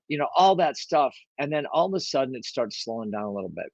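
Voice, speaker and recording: A man's voice: medium pitch, big pitch swings, fast talker, creaky, no echo, muffled recording. A man telling his story as an interview guest, rambling along with lots of fillers and restarts. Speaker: guest, real estate investor. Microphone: own microphone.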